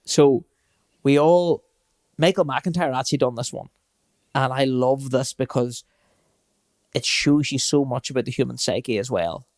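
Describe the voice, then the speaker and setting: Male podcast co-host, mid pitch, dry close mic, chatty storyteller who laughs mid-sentence. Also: unhurried, long pauses, darkish tone, dry recording. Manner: storytelling, laughs often while talking. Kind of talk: casual chat.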